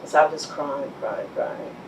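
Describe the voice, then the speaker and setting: Middle-aged woman, deep voice, lively storyteller; roomy distant sound with faint hum behind. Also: moderate pace. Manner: animated storyteller, laughs often, acts out quotes. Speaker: business owner guest. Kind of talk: storytelling interview. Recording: echoey room, mic far off.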